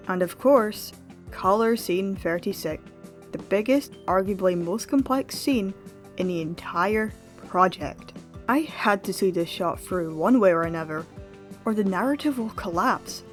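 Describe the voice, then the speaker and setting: A young woman narrating her own animation project in a calm, reflective vlog voice. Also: medium pitch. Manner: flustered, exasperated, laughing and near tears. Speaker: animator vlogger. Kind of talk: vlog narration and screen-recorded reactions. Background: background music.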